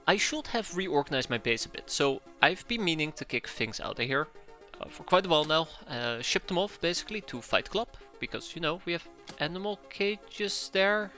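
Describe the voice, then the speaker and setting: Bright-voiced male game streamer. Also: a little high. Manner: rambling, upbeat, many fillers and restarts. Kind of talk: casual let's-play commentary.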